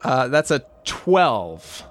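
A man narrating as game master in a tabletop game, talking in halting bursts full of fillers. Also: medium pitch, sing-song.

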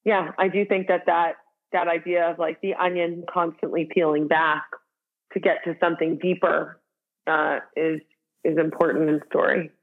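A woman's voice: on the low side, little pitch movement, moderate pace. A woman from Boston with a Boston accent, an actor and writer chatting as an interview guest, talking loosely with many restarts and fillers. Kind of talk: casual interview talk. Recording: tinny phone-like call line.

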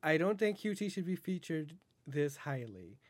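A man co-hosting a casual wrestling podcast, with a fairly high, very animated voice. He laughs often and answers with short, dry quips. The recording is dry and close, with no room sound. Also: normal speed, no echo. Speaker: podcast co-host.

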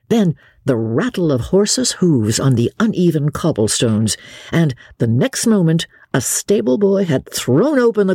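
A woman narrating an audiobook with lively, expressive storytelling. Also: sits low, slightly rough, no echo, studio quality. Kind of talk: scripted narration.

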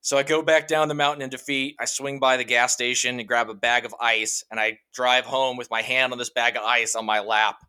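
Brisk and barely pausing, a man with a medium-pitched, clear, resonant voice tells a long, rambling story from his own experience. He's a guest from Washington state in casual conversation, scattering fillers like "like" and "you know" throughout.

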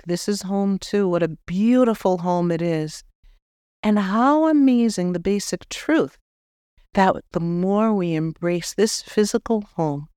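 Smooth-voiced woman guiding a spiritual talk. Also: mid-range voice, no room sound, studio quality. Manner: gentle, addresses the listener directly with soft instructions. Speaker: spiritual medium.

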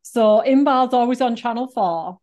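A woman host, chatting and warmly encouraging her guest. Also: fairly high pitch, moderate pace. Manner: warm, gushing, encouraging. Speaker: podcast host. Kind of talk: casual interview chat.

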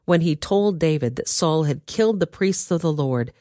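A woman narrating a dramatized scripture reading with expressive storytelling. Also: low-pitched, moderate pace, no echo, studio quality.

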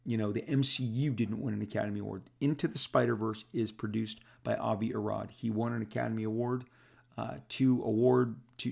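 Gravelly-voiced comic creator telling stories. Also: male voice, mid-range voice. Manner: animated, repeats words for emphasis. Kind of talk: casual storytelling to fans.

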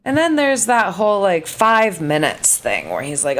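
A woman, a guest scholar, casually discussing a novel and acting out its lines in lively, shifting voices. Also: mid-range voice, moderate pace, few pauses. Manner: animated, acts out quotes in shifting voices.

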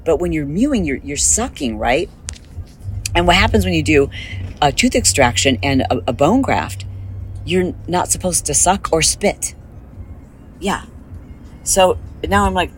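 A woman podcast host chatting casually in a car, rambling and animated, with a slight lisp from recent dental work. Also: low voice, measured pace, long pauses, a little hiss or hum, poor audio. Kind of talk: casual chat, recorded on the go.

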